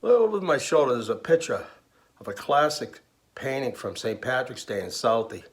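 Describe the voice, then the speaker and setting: A man's voice: mid-range voice, sing-song, moderate pace. A man from South Boston with a Boston accent, talking with joking tough-guy swagger.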